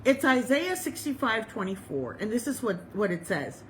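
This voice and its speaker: A bubbly woman chaplain with a fairly high voice tells a story in a loose, chatty way and laughs often as she goes. She slows to a measured pace whenever she recites a prayer or a verse of scripture. A faint hiss of noise sits behind her. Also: sing-song, poor audio. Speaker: chaplain and reverend leading a service. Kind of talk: casual, storytelling sermon.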